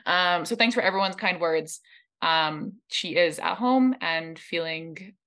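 Canadian woman cohost, low-ish voice, chatty w lots of ums. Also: a little slow, a bit bright. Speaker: podcast co-host. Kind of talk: casual podcast chat.

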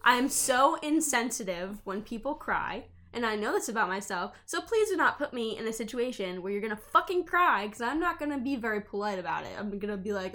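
Young woman on a podcast, kinda high voice, blunt and sweary, gets really animated telling a story. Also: a little fast. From England. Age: 20s. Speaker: podcast co-host. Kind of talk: casual chat.

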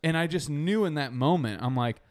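A man's voice: on the high side, normal speed. A man in his thirties in casual podcast chat, blunt and crude in his jokes. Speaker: podcast co-host.

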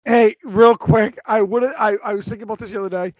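A man's voice: sits high, steady tone, brisk, no echo, muffled recording. A man co-hosting a podcast in casual chat, telling stories in a mocking, profane way. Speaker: podcast co-host.

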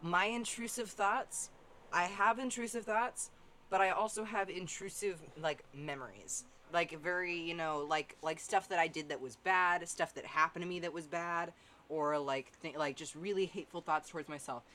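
Young woman, low voice, candid, laughs often, casual podcast chat, faint hiss. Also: normal speed, fairly bright tone. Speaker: podcast host.

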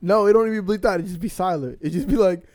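A man co-hosting a podcast in casual chat, loud and animated, often laughing. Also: high-pitched, fast. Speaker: podcast co-host.

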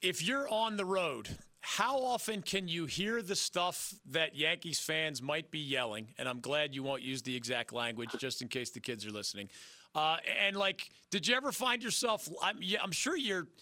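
A man's voice: high-pitched, pushed and bright, no echo. A man hosting a radio talk show, asking chatty questions of a guest. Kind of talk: radio interview.

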